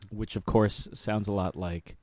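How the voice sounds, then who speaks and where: A man's voice: lowish voice, fairly even intonation, slow, darkish tone, husky, dry recording, clean studio sound. Giggly young man, stumbling story. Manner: giggly, stumbling over his words. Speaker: podcast co-host. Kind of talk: casual storytelling chat.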